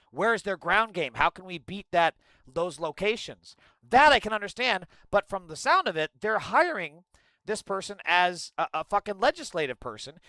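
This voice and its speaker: Angry high-voiced political streamer. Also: male voice, pushed and bright, no echo. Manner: profane, ranting, mocking chat.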